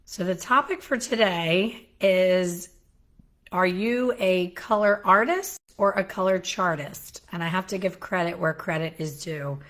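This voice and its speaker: Middle-aged woman, chatty talk-show host, slightly low voice, self-deprecating, animated asides. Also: measured pace. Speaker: hair colorist educator, show host. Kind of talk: casual solo talk to camera. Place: home in Florida.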